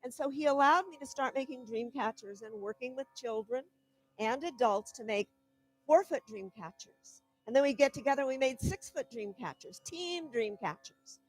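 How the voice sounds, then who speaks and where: A woman with a fairly high voice gives an earnest spiritual talk from the front of a gathering. She tells her story in a heartfelt way, with soft instrumental music faint behind her. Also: expressive, normal speed, low-quality recording. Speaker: guest speaker.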